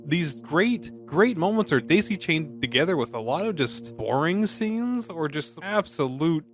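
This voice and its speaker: A man's voice: a little high, expressive, unhurried, soft background music. A man co-hosting a casual movie podcast, sarcastic and jokey, swearing freely. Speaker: podcast co-host. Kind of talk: casual movie review chat.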